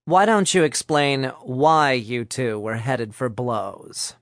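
A man voicing a calm, firm young woman leader. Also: mid-range voice, no room sound, studio quality. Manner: calm, measured, firmly polite.

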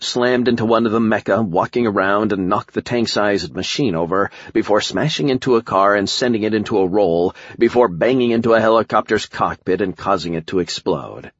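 A man's voice: fairly low pitch, slightly rough, no echo, dull audio. A man reading a first-person action audiobook with a wry, sardonic manner. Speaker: audiobook narrator.

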